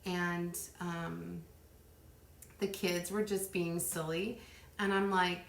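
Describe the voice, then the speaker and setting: A middle-aged woman hosting a live crafting stream, chatting in a rambling way and counting softly under her breath as she works. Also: medium pitch, expressive, slow, long pauses. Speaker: craft livestream host. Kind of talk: casual live chat while crafting. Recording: roomy echo.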